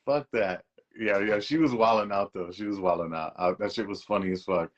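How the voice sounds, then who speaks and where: A man's voice: lowish voice, fairly quick, highs cut off. A man co-hosting a casual movie podcast, telling loose, profane stories packed with fillers. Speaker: podcast co-host.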